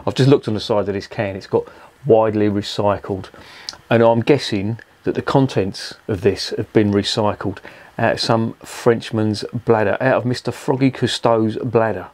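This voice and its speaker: Sweary ranting man, lowish voice. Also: steady tone, moderate pace, darkish tone. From England. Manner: swears constantly, rambling and exasperated. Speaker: beer reviewer. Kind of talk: casual profane rant.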